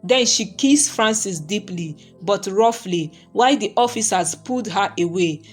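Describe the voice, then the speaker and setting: A woman narrating a romantic folktale story in a steady, even reading voice. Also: medium pitch, normal speed, soft background music.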